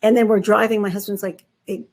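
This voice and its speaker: Brisk, emphatic woman psychiatrist. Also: mid-range voice, a little mellow. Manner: emphatic, brisk and conversational with casual idioms. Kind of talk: interview guest explaining cases.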